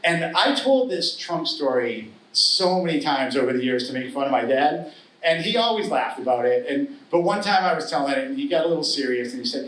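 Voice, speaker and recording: A man's voice: a little high, animated, a little fast, a bit bright. Middle-aged man telling a story on stage. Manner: wry, earnest, humorous. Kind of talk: live storytelling. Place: stage at a live story slam. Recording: roomy live hall, distant mic.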